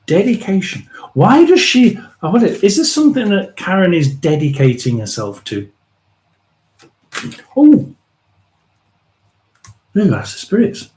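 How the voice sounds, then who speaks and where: Man, live tarot reader, high voice, very lively pitch, chatty, excitable. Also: measured pace, long pauses, poor audio. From England. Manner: musing and excitable, talks to spirits and viewers, laughs often. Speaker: psychic medium livestream host. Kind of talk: casual live tarot and spirit reading.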